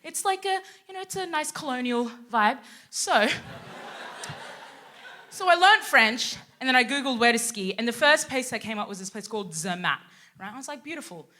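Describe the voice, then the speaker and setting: Animated bright-voiced woman doing stand-up. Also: a little high, moderate pace. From Sudan, raised in Australia. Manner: animated, acts out quoted people. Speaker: comedian co-host. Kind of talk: stand-up comedy set. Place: live theatre stage.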